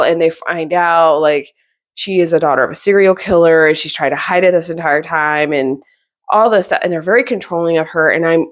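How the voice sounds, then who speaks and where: A young woman with a slightly low voice talks through her recent reads in a loose, rambling way. She stops and restarts often and fills gaps with "um" and "like.". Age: young adult. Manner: chatty, rambling, many fillers and restarts. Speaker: book reviewer. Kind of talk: casual book review chat.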